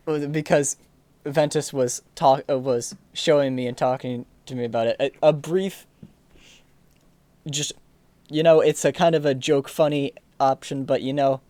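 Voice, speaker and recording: A man's voice: fairly high pitch, a little mellow, no room sound. A young man co-hosting a podcast, talking in a laid-back, hesitant way with chuckles. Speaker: podcast co-host. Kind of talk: casual chat.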